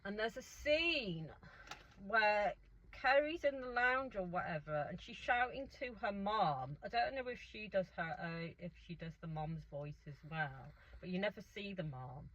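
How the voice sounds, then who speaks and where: A woman's voice: mid-range voice, lively intonation, unhurried, a bit bright, highs cut off. Chatty rambling woman. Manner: rambling, chatty, talks to herself. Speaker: food vlogger. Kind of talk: casual eating-show chat.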